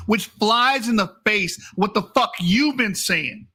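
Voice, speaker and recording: A man's voice: high-pitched, unhurried, hardly any pauses, bright, forceful tone, breathy edge. A man giving heated reaction commentary, mocking and profane as he corrects someone's reading of a paper.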